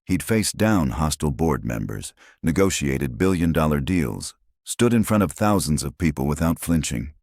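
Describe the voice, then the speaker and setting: Give me a man with an extremely deep voice narrating a dramatic story, dry and close. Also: expressive, normal speed, vocal fry, a little mellow, no room sound.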